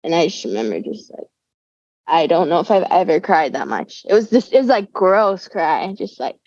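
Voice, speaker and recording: A woman's voice: lowish voice, sing-song, normal speed, darkish tone, no room sound. Young female musician guest, casual slangy chat, dry lo-fi audio. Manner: laid-back slangy talk, says dude and bro. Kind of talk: casual conversational interview. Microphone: remote call. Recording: dull, dry lo-fi call audio.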